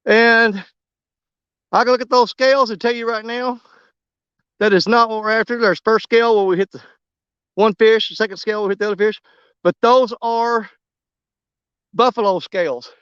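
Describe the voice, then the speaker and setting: A man narrating a fishing trip on a snowy riverbank in a folksy, excitable way, talking straight to his viewers. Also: sits high, moderate pace, long pauses, clean tone, no room sound, muffled recording. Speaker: fishing vlogger. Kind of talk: casual outdoor commentary.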